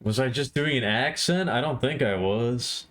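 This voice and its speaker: A male streamer talks casually while drawing, answering his chat. His delivery is mumbling and self-deprecating, at an everyday mid pitch. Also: normal speed, fairly bright tone.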